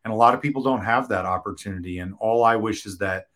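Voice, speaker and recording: A male film director being interviewed, with a fairly low voice. He speaks frankly and reflectively, often stopping and restarting his sentences as he works through his thoughts, and drops in casual profanity. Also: quick pace, fairly bright tone. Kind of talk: candid interview talk.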